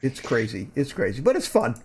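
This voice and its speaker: A man's voice: mid-range voice, wildly swooping pitch, fairly quick, slight background noise. An older man hosting a casual live stream from home, rambling and repeating words as he talks into a desk microphone. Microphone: desk microphone through a USB mixer.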